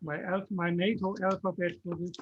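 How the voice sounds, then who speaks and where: A man with a German accent, patiently explaining software step by step on a video call. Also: high voice, little pitch movement, normal speed, slight background noise. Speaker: software presenter. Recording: dull lo-fi call audio.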